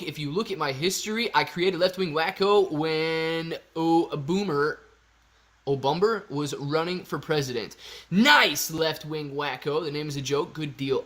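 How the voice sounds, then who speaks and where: Hosting a casual livestream, a man reads viewers' super chats aloud in a slangy, excitable way, breaking into sudden loud bursts. His voice is a little high.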